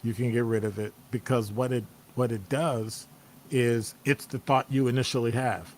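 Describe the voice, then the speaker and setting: Midwestern man, casual motivational talk, animated and playful, acts out reactions. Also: medium pitch, moderate pace, a little hiss or hum. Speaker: host. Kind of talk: casual motivational talk to a live-stream audience. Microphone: streaming setup microphone.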